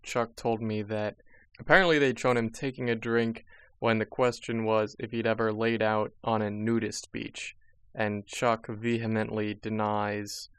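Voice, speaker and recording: A man's voice: on the low side, fairly bright tone, clean tone, no room sound. A man hosting a podcast, cutting in with a plain, matter-of-fact recorded note. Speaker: podcast host.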